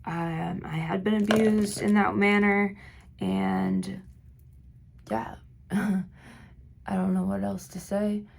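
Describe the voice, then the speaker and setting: A woman vlogging while doing her makeup, telling a long personal story in a rambling, filler-heavy way, her voice slightly hoarse. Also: medium pitch, steady tone, slow, long pauses, background noise. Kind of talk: get-ready-with-me storytime.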